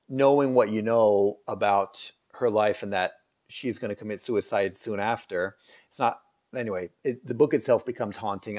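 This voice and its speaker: A man's voice: lowish voice, darkish tone. A man hosting a casual book review video, talking in a rambling, hesitant way with many fillers and restarts. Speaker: channel host reviewing books.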